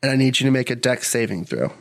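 A man at a middle pitch runs a tabletop game as its game master. He narrates the scene and calls for rolls in a calm, matter-of-fact way. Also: quick pace, vocal fry.

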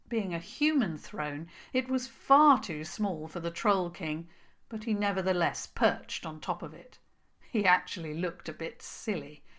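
A woman narrating a children's story, slow and expressive. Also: on the low side.

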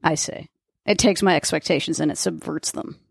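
A woman's voice: low voice, vocal fry, slightly rough, dry recording, clean studio sound. A woman co-hosting a podcast in casual chat, wry and teasing. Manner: wry, teasing, quick to laugh. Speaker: podcast co-host.

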